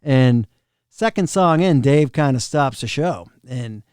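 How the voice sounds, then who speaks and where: A middle-aged man, a drum tech, casually telling backstage stories on a podcast, animated and often laughing. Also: mid-range voice, takes it slowly, smooth, no room sound, studio quality. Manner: animated, laughs often, acts out quoted people. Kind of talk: casual storytelling of road anecdotes.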